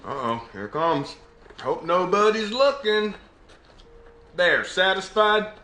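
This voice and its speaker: A man's voice: high voice, expressive, slow, pushed and bright, slight background noise, pitched above the performer's own voice, exaggerated voice. A man doing a drawling old Southern vet. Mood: bashful. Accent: Southern US (put on). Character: drawling older Southern American man, Vietnam veteran. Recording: echoey room.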